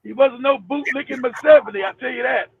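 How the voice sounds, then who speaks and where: A man rants loudly with crude, animated outbursts, his voice high and gravelly. He comes through a dry, tinny, phone-like line. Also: a little fast, slight background noise. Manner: loud, animated, profane ranting. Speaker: co-host. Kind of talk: casual chat.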